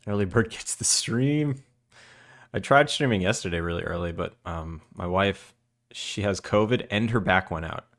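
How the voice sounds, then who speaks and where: A young man chatting casually with viewers on a live stream, drowsy and relaxed in his early-morning voice. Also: low-pitched, moderate pace. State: just woken up, morning voice. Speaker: game developer streamer.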